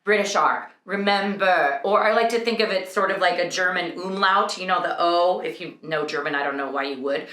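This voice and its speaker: A young woman vocal coach teaching a singing lesson, explaining clearly and breaking into sung vowel demonstrations. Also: on the low side, a little fast, hardly any pauses, a bit bright, reverberant.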